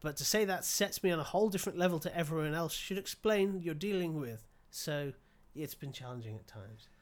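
A man's voice: fairly high pitch, expressive, brisk. A man co-hosting a music podcast, dry and sarcastic as he reads out news items. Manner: dry, sarcastic, laughs a lot. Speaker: podcast co-host. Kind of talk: casual chat.

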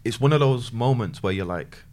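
A man's voice: medium pitch, fairly quick. A young man telling a story in casual chat, acting out the voices of the people he quotes. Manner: animated anecdotes, acts out quoted voices.

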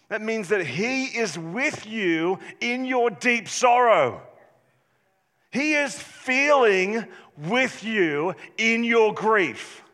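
A man preaching a sermon as pastor, passionate and building up to shouts at times. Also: very high voice, long reverb tail.

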